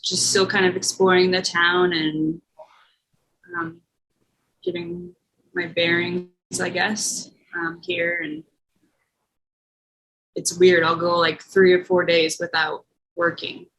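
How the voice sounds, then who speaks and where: Hesitant woman, slow speech, lowish voice, faint background noise. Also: fairly even intonation, a bit bright, poor audio. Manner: hesitant, many "um" fillers. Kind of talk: casual chat.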